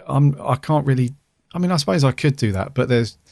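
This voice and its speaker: A man's voice: mid-range voice, animated, a little fast, creaky, darkish tone, dry recording, clean studio sound. A middle-aged man co-hosting a podcast, rambling casually with lots of fillers and restarts. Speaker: podcast co-host. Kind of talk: casual chat.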